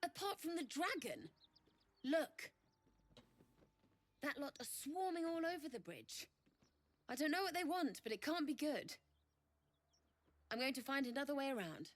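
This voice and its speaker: A woman's voice: sits high, very animated, a little slow, pauses often. An actress voicing a guarded young woman traveler who gives curt, urgent warnings in video game dialogue. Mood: wary, urgent.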